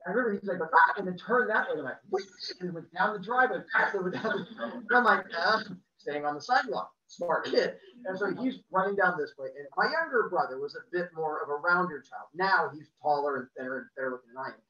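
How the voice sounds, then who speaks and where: Animated man telling a story, roomy distant sound. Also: high voice, quick pace. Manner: animated, acting out the people in his story. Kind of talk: casual personal storytelling. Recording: roomy, distant, muffled video-call audio.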